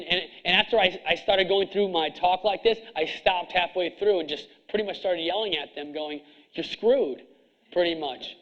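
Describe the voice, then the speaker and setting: A middle-aged man with a high voice delivers a fervent, preachy motivational talk, hammering his points home by repeating them. The recording is dull and lo-fi. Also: fairly bright tone. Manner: intense, preachy, repeats himself for emphasis. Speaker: chiropractor speaking to students.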